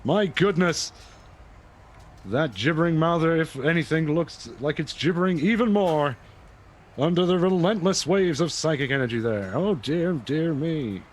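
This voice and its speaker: A man's voice: on the high side, a little slow. A man commentating a tabletop game arena battle in a theatrical, mock-formal style.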